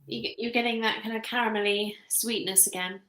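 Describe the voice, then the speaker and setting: A woman judging cheese over a video call, relaxed and agreeable, describing flavours in detail. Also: on the high side, brisk, reverberant. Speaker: cheese judge.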